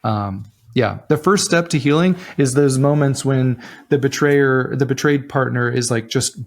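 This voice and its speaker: A man's voice: medium pitch, a little slow. A man co-hosting a relationship advice talk, speaking earnestly and often restarting his sentences. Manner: earnest, with frequent restarts and repeated words. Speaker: relationship podcast co-host. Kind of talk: casual advice chat.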